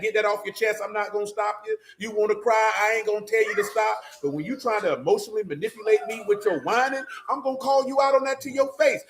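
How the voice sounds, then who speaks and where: A middle-aged man preaching in loose talk, joking and mocking with loud bursts. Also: sits high. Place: church meeting room.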